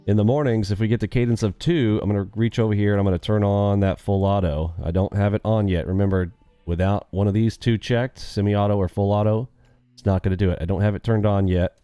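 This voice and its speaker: A man's voice: fairly low pitch, steady tone, brisk, mellow, clear, resonant tone, no room sound, faint music behind. A man live-streaming his day trading, upbeat and quizzing his viewers with catchphrases.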